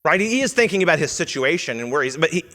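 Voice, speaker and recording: Big pitch swings mark this man's slightly high, fairly bright voice as he preaches at a quick pace. In the church sanctuary he teaches earnestly, putting questions to the congregation and performing quotations in character, wrapped in long hall reverb.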